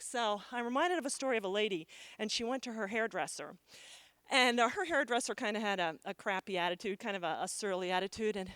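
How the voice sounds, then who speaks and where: A woman's voice: medium pitch, dry recording. A woman motivational speaker giving a keynote talk, telling stories with acted dialogue and checking in with the audience. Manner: storytelling with acted dialogue, asks the audience "okay?". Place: conference stage.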